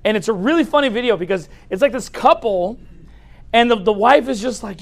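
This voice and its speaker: A man preaching a humorous sermon as a pastor in a church, speaking straight to the audience in a lively, joking way. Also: sits high, brisk.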